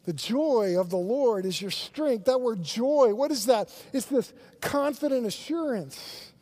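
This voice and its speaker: High-voiced, slow-preaching pastor. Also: male voice, animated, a little mellow. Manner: earnest preaching with repeated restarts and sudden swells of intensity. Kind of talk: sermon.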